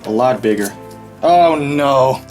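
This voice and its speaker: A man's voice: mid-range voice, lively intonation, slow. A man narrating a hands-on restoration in a hot room, muttering, sighing and straining while he works. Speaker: vlogger restoring a helmet. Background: background music.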